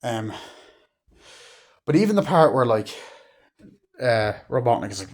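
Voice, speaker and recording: A man's voice: medium pitch, sing-song, measured pace. A man casually reviewing a movie, rambling with lots of fillers and acting out lines from scenes.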